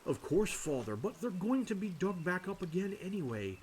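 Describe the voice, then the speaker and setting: A man's voice: high-pitched, sing-song, normal speed, slight background noise, pitched above the performer's own voice. A man voicing a practical village worker from a video game, talking in a plain and insistent way.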